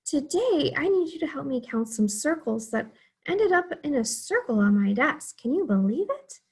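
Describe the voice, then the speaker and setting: A woman's voice: sits high, sing-song, normal speed. A young woman teaching a math lesson to small children, counting aloud in an encouraging, sing-song way.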